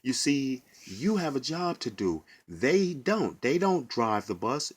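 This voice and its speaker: A steady, soothing female union representative, voiced by a man retelling a story. She speaks earnestly in a middle-pitched, slightly lifted voice. Her tone stays reassuring and calm throughout. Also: slow, slightly rough, heavily acted.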